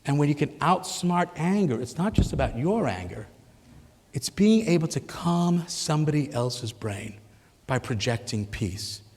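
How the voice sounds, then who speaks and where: A middle-aged man gives a lecture to a live audience in a large hall, and his voice carries a long reverb. He speaks in a somewhat high register with a lively, swooping melody. He is engaging and animated, and he acts out the thoughts he quotes. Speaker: psychiatrist giving an expo lecture.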